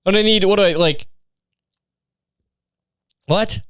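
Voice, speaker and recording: A man's voice: sits high, a little slow, fairly bright tone, clean tone, no echo, studio quality. A young man hosting a podcast, ranting in a casual, exasperated and mocking way, full of swearing. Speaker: podcast host. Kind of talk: casual comedic rant.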